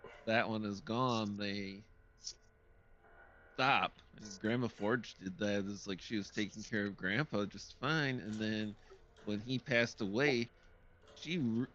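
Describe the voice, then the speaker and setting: Low-voiced man, slow and hesitant. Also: steady tone, a bit bright. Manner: slow and hesitant, with many fillers. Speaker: podcast co-host. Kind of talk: casual chat. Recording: lo-fi voice chat with faint noise.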